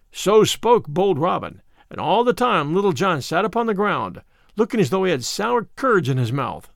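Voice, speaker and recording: Animated male storybook narrator. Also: fairly high pitch, normal speed, gravelly, dry recording, studio quality. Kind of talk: storybook reading.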